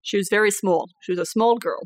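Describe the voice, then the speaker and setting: A woman hosting a podcast as game master, chatting casually, animated, swearing freely and laughing often. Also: medium pitch, a little fast, dry recording.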